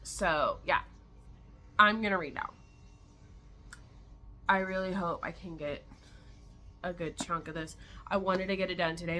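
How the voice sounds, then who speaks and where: Young mom vlogging at home, kinda low voice, frank and chatty, bit frustrated. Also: female voice, fairly even intonation, unhurried, pauses often, sharp tone. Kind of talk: casual reading vlog. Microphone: camera.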